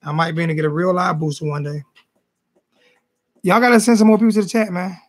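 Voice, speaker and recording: A man's voice: sits high, fairly even intonation, fast. A man hosting a casual sports talk show, loose and joking, often repeating his phrases. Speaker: host. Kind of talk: casual call-in chat.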